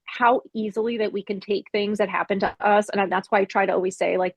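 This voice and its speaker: Blunt, expressive woman in her fifties. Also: mid-range voice, fairly quick, few pauses, breathy edge, dry recording. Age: 50s. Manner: blunt and expressive, swears freely, acts out her own past words. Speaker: podcast guest. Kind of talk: candid interview storytelling.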